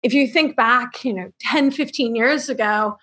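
A bright, high-pitched woman in her thirties answers interview questions with upbeat energy. She tells her story briskly, with quick asides and frequent light laughter. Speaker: marketing firm founder, podcast guest.

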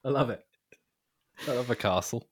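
A British man co-hosting a film podcast, talking in a hesitant, halting way. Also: mid-range voice, dry recording, studio quality. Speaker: podcast co-host. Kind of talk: casual podcast chat.

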